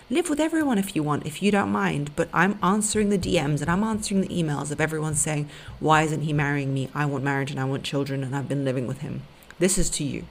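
A woman hosting a podcast, giving blunt, emphatic relationship advice straight to her listeners. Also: deep voice. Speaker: podcast host and dating coach.

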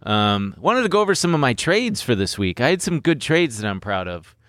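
A man's voice: mid-range voice, big pitch swings, brisk, fairly bright tone, dry recording, studio quality. A young man hosting a casual podcast, joking around and rambling as he explains his trades. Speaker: podcast host. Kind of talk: casual crypto chat. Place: studio.

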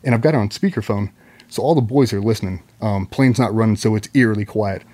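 A man's voice: lowish voice, fast talker, a little mellow. A man, a former Navy SEAL guest on a podcast, telling a long story in a rambling, profane, casual way.

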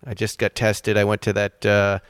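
A man's voice: lowish voice, completely flat delivery, moderate pace, clean tone, dry recording, clean studio sound. A man hosting a podcast, chatting casually and rambling, often laughing at his own jokes. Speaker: podcast host. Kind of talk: casual chat.

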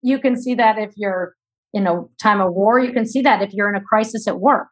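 Chatty woman with a husky voice. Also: mid-range voice, brisk. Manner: relaxed, chatty, reads out listener questions. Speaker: producer asking listener questions. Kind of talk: conversational Q&A.

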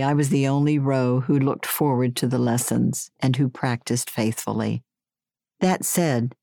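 A woman reading her personal memoir aloud in a wry, gently humorous way. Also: a bass voice, vocal fry, no room sound, studio quality. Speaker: memoir narrator.

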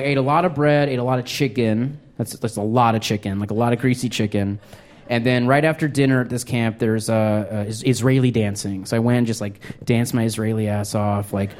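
A man's voice: mid-range voice, darkish tone, slight background noise. A man doing a stand-up comedy set on a club stage, telling a rambling, self-mocking story with lots of filler words, audience laughter behind him.

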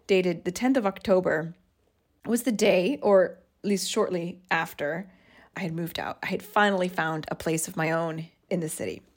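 A woman in her forties, a podcast host, reads her old journal entries aloud and laughs at her younger self. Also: fairly low pitch. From United States. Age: 40s.

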